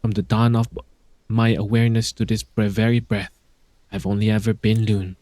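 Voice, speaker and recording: A man voicing a gentle, solemn female star goddess, reading her game lines in a soft, formal and grave way. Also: fairly low pitch, level tone, moderate pace, no echo, natural voice. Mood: firm. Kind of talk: reading game dialogue aloud.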